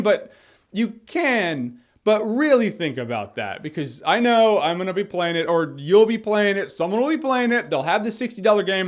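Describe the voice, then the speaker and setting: Animated young man ranting, high voice. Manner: animated, swears freely, acts out quoted people. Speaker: video creator. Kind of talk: casual opinion rant to camera.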